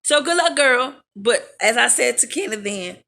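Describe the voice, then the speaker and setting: A woman's voice: on the high side, lively intonation, moderate pace, gravelly, sharp tone. A woman vlogger telling a storytime rant in a sassy, blunt and profane way. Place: home in Las Vegas.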